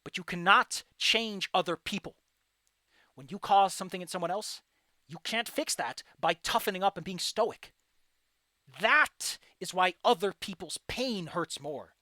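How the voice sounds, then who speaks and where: A man streaming a game, giving casual, animated commentary and ranting with frequent swearing. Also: sits high, unhurried, no room sound, clean studio sound. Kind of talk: casual let's-play commentary.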